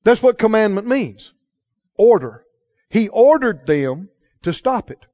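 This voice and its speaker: A man with a high-pitched voice preaches to his congregation, pressing his points and asking them to answer back. He slows right down on the phrases he wants to land and acts out the scripture dialogue in quoted voices. The recording sounds dull and lo-fi. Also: very animated, dark tone. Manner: emphatic, call-and-response with the congregation. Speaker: pastor. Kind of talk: sermon. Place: church.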